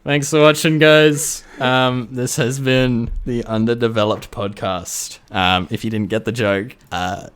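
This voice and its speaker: A man co-hosting a podcast, telling jokes in casual chat, animated and swearing. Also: medium pitch, unhurried, few pauses, smooth. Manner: animated storyteller, swearing, laughs at his own jokes. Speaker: podcast co-host.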